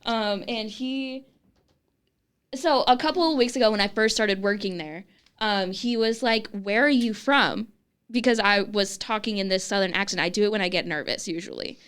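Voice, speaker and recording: Smooth-voiced young Midwestern woman. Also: mid-range voice, moderate pace. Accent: Midwestern American. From St. Louis, Missouri. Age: young adult. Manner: giggly, rambling, animated. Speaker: guest, student. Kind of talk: casual storytelling.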